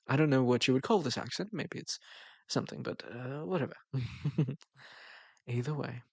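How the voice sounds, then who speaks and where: A male channel host chats through a casual outro in a playful, flirty way. His voice is gravelly and slightly husky, with a lively, swinging pitch. It is recorded close and dry. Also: no echo. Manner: playful, flirty, laughs often.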